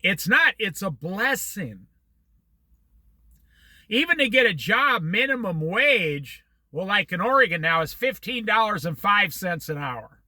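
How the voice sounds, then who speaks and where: A man's voice: high voice, big pitch swings, a little slow, bright, forceful tone, no room sound. A middle-aged man in casual talk, rambling from story to story with religious asides. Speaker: vlogger.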